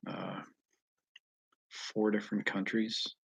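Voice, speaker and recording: Low, husky man with a Northeast US accent. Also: fairly even intonation, dry recording, rough recording. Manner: rambling, slow, with frequent pauses and fillers that trail off into quiet asides. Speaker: channel host answering viewers. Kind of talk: casual live chat.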